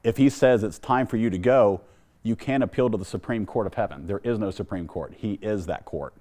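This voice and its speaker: A man's voice: fairly low pitch, fairly quick, mellow. A man telling his personal faith testimony in an earnest storytelling way, exhorting listeners. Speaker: testimony speaker.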